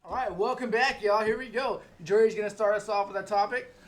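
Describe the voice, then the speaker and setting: A man's voice: sits high, steady tone, fairly quick. A man hosting a casual comedy chat show, joking around and now and then slipping into a put-on drawl. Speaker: host.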